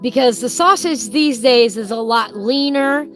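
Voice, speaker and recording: A woman's voice: fairly high pitch, a little slow, fairly bright tone, faint music behind. A woman chatting in a folksy, rambling way during a live coloring stream at home. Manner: folksy, rambling, talks while working.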